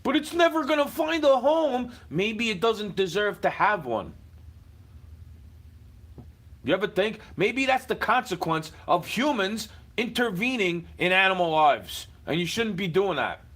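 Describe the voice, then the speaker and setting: A man ranting at the camera from his home, profane and confrontational, shouting at times. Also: high-pitched, big pitch swings, moderate pace, few pauses. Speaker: livestreamer. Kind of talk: angry rant to camera. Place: indoors, home.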